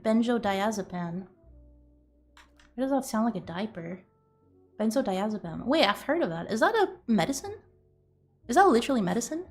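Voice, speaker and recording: A woman's voice: fairly high pitch, sing-song, normal speed, pauses often, slightly rough, soft background music. A young woman streaming, chatting casually and rambling with giggles and loose swearing. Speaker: streamer and artist.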